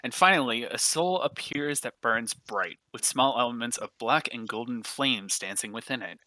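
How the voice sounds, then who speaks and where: A man narrating a tabletop game as dungeon master, loose and chatty, with a lot of fillers. His voice is bright and forward. It is recorded close and dry, with almost no room sound. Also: mid-range voice, normal speed, no room sound, rough recording. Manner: casual, filler-heavy description.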